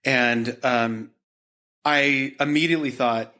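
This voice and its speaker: Bright-voiced man telling a rambling story. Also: medium pitch, moderate pace. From Utah, United States. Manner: rambling, with frequent fillers and restarts. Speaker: podcast guest, art gallery owner. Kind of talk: conversational storytelling.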